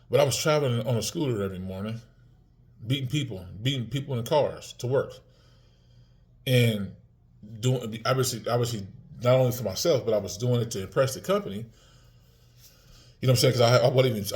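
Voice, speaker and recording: A man's voice: medium pitch, darkish tone. A man in his forties talking casually to the camera, heated and profane, repeating words and restarting often. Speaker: vlogger.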